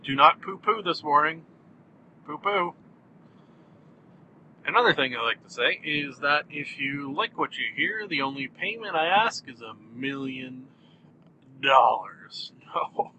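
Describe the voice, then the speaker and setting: A man's voice: mid-range voice, expressive, unhurried, bright, forceful tone, a little hiss or hum, poor audio. A man hosting his own podcast in a rambling, self-mocking, jokey way, recorded in a car while driving. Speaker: podcast host. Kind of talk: casual rambling monologue.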